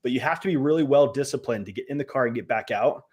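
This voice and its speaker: A man's voice: mid-range voice, fast, a little mellow, breathy edge. A young man co-hosting a live stream, giving casual coaching advice in a loose conversational way, full of fillers and trailing off at the ends of phrases. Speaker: co-host, real estate trainer.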